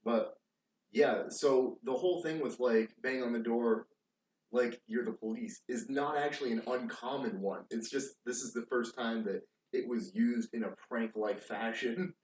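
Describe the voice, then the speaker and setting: A young man, co-host of a casual podcast, telling animated work stories and swearing freely. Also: mid-range voice, moderate pace, far from the mic. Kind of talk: casual chat. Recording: roomy echo, off-mic, faint noise.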